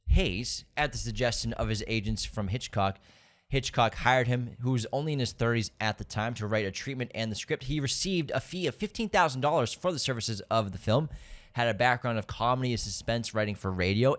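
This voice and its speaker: Male podcast co-host, mid pitch, steady informative delivery of trivia. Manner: reads background facts from notes, steady and informative. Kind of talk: casual film discussion.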